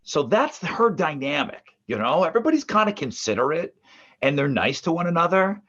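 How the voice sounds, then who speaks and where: A man from the northeastern United States co-hosting a podcast from his mother's basement, telling family stories in a casual, animated way with plenty of swearing. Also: a little high, brisk, muffled recording. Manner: animated storyteller, swears, acts out family members' voices. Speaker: podcast co-host.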